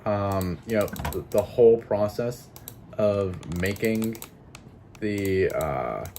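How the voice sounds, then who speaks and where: A man's voice: on the low side, slow pace, darkish tone, slight background noise. A man reading a narrative game aloud with casual, swearing commentary and laughing asides. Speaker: gameplay streamer.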